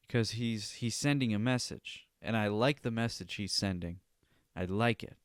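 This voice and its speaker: A man's voice: on the low side, moderate pace, no echo, clean studio sound. A man hosting a solo podcast, ranting indignantly and swearing freely, often tossing in "all right?" as a tic. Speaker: podcast host. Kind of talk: solo podcast commentary rant.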